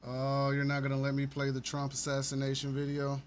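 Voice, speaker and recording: A man's voice: medium pitch, completely flat delivery, fairly quick, slight background noise. A man hosting his own podcast, ranting in a profane, sarcastic and rambling way. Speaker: podcast host. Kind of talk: ranting solo commentary.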